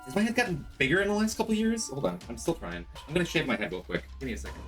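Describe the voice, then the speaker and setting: A male streamer chats casually and rambles through his stories. His pitch swings widely as he greets his viewers by name. Faint music plays in the background. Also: huge pitch swings, very fast, fairly bright tone. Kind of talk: casual chat on a game stream.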